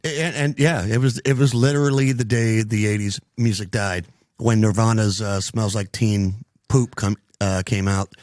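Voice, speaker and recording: A man's voice: lowish voice, steady tone, normal speed, darkish tone, no echo, clean studio sound. A middle-aged man hosting a casual podcast chat, rambling with lots of ums and restarts. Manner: rambling, many fillers and restarts. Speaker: podcast host.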